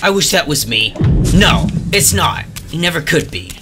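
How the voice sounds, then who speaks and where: A man giving gameplay commentary, sarcastic and frustrated, yelling at the game. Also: a little high, very animated, normal speed. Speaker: let's play gamer. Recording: game music behind the voice. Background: game music.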